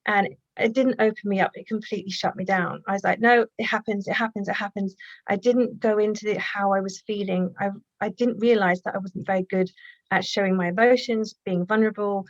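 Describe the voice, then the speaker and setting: Woman guest, reflective storyteller, muffled dry video-call sound, halting and earnest. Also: medium pitch, steady tone, dry recording. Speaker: guest, healer and author. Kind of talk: personal storytelling in conversation.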